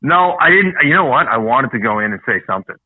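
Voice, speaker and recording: A man from Canada vents bluntly in casual chat and swears often. His voice sits at a middle pitch. It comes through a dry, narrow, phone-like line. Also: expressive, fast talker, no echo. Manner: blunt, profane ranting. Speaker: podcast co-host.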